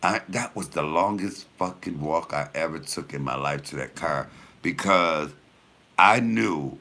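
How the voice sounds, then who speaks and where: A man in his fifties, a comedian, telling a rowdy story in an animated way, acting out the quotes and swearing freely. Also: extremely low pitch, unhurried. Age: 50s. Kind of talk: storytelling during a cooking chat.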